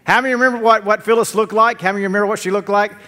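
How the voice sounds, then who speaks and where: Middle-aged man, pastor preaching from the pulpit; voice sits a bit high, anecdotal delivery with humor. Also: very fast. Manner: animated storytelling with jokes and quotes; drops to a low, quiet tone in prayer. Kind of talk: sermon.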